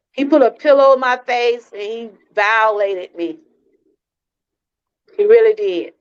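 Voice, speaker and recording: Woman with a high voice doing a livestream testimony, earnest, keeps repeating herself to viewers, dull lo-fi sound. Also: steady tone, unhurried, long pauses, clear, resonant tone. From Georgia, US. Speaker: channel host. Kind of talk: live-stream testimony talk.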